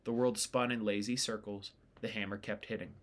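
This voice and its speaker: Low-voiced man reading a novel. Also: little pitch movement, moderate pace. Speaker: audiobook reader.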